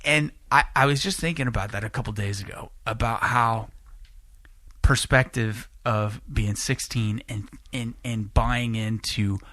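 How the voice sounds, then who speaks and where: A man's voice: medium pitch, measured pace, dry recording, clean studio sound. A man in his late twenties telling a long, rambling, profane story in a casual podcast chat. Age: late 20s. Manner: rambling, profane, animated when acting out quotes. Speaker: podcast guest.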